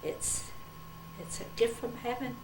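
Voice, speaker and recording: An older woman in a documentary interview, telling a personal story slowly and earnestly and acting out the dialogue. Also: a little high, noisy background. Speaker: interviewee, mother of the subject. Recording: echoey room from a distance.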